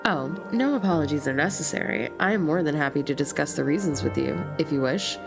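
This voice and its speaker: A woman reading as a poised, courteous succubus hostess. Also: low voice. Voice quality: slight lisp. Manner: calm, polite, measured formal speech. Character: composed, courteous female succubus brothel keeper. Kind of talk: reading game dialogue aloud. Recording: stream with clear music behind.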